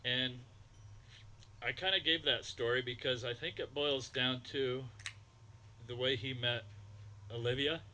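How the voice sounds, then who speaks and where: A middle-aged father of the groom tells folksy stories about his son in an emotional wedding toast. His voice is very bright and forceful, with quoted dialogue woven through. A faint hum of the reception is audible behind him. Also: mid-range voice, fairly even intonation, unhurried, pauses often, rough recording.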